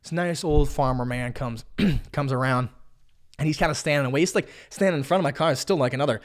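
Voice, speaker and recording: A man hosting a podcast, telling a story in a comic monologue, animated, excitable and full of swearing. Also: medium pitch, quick pace. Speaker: podcast host.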